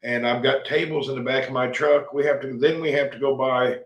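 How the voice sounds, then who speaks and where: A man's voice: medium pitch, fairly quick, reverberant. Folksy man chatting live. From Tennessee, USA. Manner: rambling, animated, folksy. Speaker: livestream host. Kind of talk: casual live chat reading comments.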